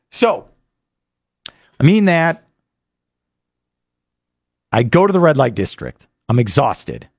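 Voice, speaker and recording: A man hosting a sports radio show, telling a rambling, excitable story full of fillers into a studio microphone. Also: on the high side, slightly rough, no room sound. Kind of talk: animated monologue recapping a trip.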